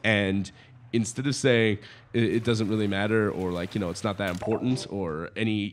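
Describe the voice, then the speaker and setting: A young man chatting casually while playing a video game with a friend, animated and rambling, laughing often. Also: lowish voice, normal speed, slight background noise. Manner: animated, laughs a lot, rambling with many fillers. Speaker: let's play co-commentator. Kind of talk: casual gaming chat.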